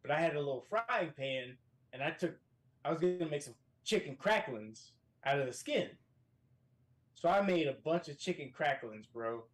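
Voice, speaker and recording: A man talking as a guest on a casual podcast from a hotel room, telling profane, animated stories. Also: fairly high pitch, moderate pace.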